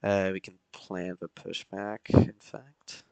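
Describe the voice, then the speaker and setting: Slow and low-pitched, this man's gravelly voice comes through clean with no room sound. He streams a flight simulator as a pilot, reading back radio calls and chatting with viewers in a relaxed, chatty manner, using fillers when answering chat.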